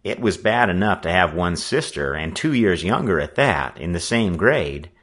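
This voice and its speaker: Audiobook narrator, man, very deep and lively in pitch. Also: moderate pace. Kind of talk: scripted narration.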